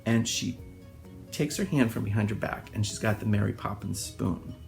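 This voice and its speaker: A middle-aged man, a hairstylist, telling a personal childhood story in an animated, expressive way, acting out the scenes. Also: on the low side, normal speed, gravelly, faint music behind.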